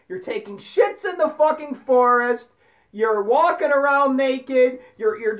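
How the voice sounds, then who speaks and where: A woman delivering a heavily profane spiritual rant to her audience, repeating herself for emphasis. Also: sits high. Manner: heavy swearing, emphatic repetition. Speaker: channel host.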